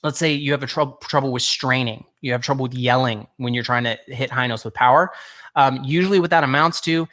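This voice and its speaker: A man's voice: mid-range voice, fairly quick, fairly bright tone. A man teaching a singing workshop as a vocal coach, explaining patiently, talking straight to the listeners and often correcting himself mid-word. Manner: patient explaining, speaks to listeners directly, frequent self-corrections.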